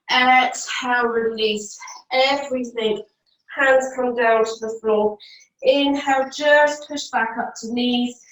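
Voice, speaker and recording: A woman yoga teacher guiding a class, cueing each movement to the breath and offering easier and harder options. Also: high voice. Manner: calm cueing that follows the breath, with counts and options. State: out of breath at times. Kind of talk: guided yoga class instruction. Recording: echoey room, mic at a distance.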